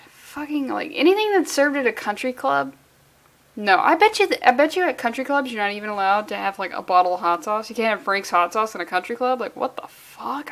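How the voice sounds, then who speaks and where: A woman's voice: fairly high pitch, a bit bright. Rambling, profane woman reviewing comics. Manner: rambling, profane, jokey asides. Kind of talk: casual comic review monologue.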